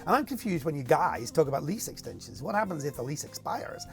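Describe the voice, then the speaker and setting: A man's voice: a little high, sing-song, brisk, faint music behind. A man reading out a viewer's question in a put-on American accent, playing a curious American man. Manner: reads the question aloud in a mock accent.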